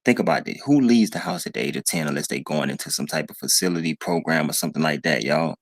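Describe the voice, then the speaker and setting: A man's voice: a bass voice, animated, quick pace, vocal fry, no room sound. A man, talking casually to his viewers in a preachy way, repeating himself and calling them y'all. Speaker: channel host.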